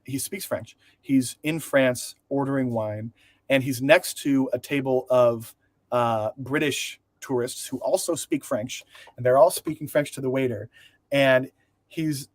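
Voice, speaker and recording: A man co-host telling rambling, jokey stories and correcting himself as he goes. His voice is mid-pitched. The recording is dry and close, with no room sound. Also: unhurried, no echo. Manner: rambling, joking, self-correcting. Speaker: podcast co-host. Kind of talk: casual discussion.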